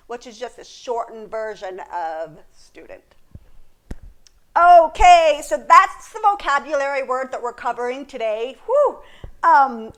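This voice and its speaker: A woman's voice: fairly high pitch, a bit bright. A woman teaching a beginner sign language lesson in a chatty, explaining way, with frequent laughs. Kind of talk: casual video lesson.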